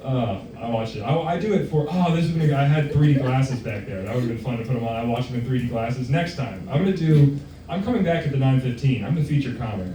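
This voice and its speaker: A man's voice: medium pitch, fast talker, distant mic, crowd noise. A young man performing a stand-up set, offhand and self-deprecating, with lots of swearing. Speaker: stand-up comic. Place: comedy club. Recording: roomy club sound from afar, room noise.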